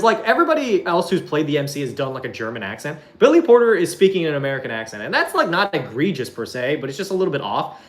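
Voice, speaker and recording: Rambling, foul-mouthed streamer with a lively pitch. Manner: rambling, swears often, heavy use of "like"; laughs while describing a clip. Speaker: streamer talking to chat. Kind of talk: casual stream chat.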